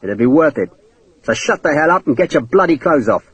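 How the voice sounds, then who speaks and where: A man's voice: on the high side, lively intonation, brisk, husky, no echo, dull audio. A man reading a hard, menacing soldier. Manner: threatening, blunt.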